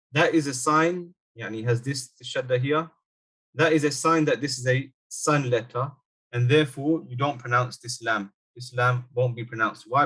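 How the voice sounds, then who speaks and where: Male language teacher, patient and methodical, mid pitch, slows down to model pronunciation. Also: a bit bright. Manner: patient, repeats example words slowly. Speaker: Arabic teacher. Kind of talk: online language lesson.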